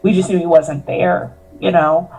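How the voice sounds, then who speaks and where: A woman's voice: lowish voice, fairly even intonation, normal speed, warm tone, husky, poor audio. Earnest, emotional woman recounting her story. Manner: earnest and emotional, quoting herself and others. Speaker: professional wrestler, podcast guest. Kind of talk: candid interview storytelling.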